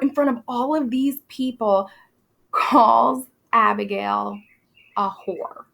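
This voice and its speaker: A woman's voice: a little high, takes it slowly, vocal fry, bright, forceful tone. A young adult woman teaching, explaining a play in a casual way with lots of fillers. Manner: casual, many fillers, briefly acts out quoted lines.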